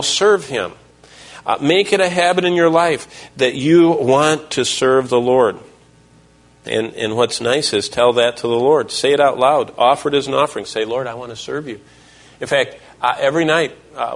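Middle-aged pastor guy preaching, tells stories, quotes verses, medium voice. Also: medium pitch. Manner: storytelling, quoting scripture and voices in dialogue. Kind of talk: sermon.

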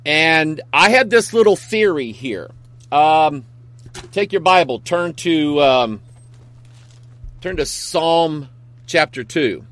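A man's voice: a little high, animated, takes it slowly, long pauses, fairly bright tone. A man, a pastor, hosting a talk show in a casual, earnest monologue that rambles and grows emphatic.

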